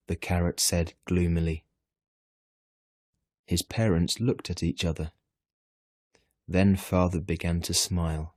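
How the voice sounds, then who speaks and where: Man, deep voice, slow, children's story reader, dry close recording. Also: steady tone, a little mellow, no echo. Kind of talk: reading a children's story aloud.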